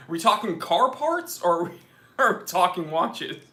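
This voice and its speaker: A man with a bright, forceful, fairly high voice hosts a casual live stream Q&A from home. He chats and jokes his way through viewer comments. The room around him sounds noticeably echoey. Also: animated, measured pace, pauses often. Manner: chatty, joking, reads viewer comments aloud.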